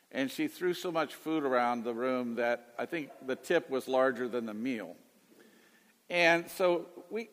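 Heard in a large hall, a medium-pitched man in his fifties answers callers as a radio Bible teacher. Late fifties in age, he chats folksily on call-in radio, rambling and restarting as he goes.

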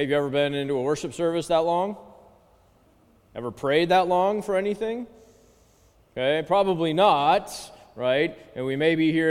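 A man with a fairly high voice delivers a chatty sermon, breaking up his points with frequent "okay" and "right". His voice rings with a long reverb, as if in a large hall. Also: clear, resonant tone. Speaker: pastor.

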